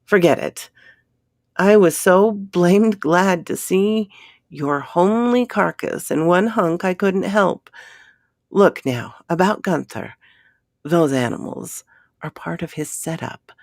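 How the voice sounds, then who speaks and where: A woman's voice: fairly low pitch, gravelly, dry recording, studio quality, exaggerated voice. A woman voicing an anxious, earnest male photographer on a space mission, in a storybook reading. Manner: anxious, earnest, quick to argue. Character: nervous smaller male photographer, grown man.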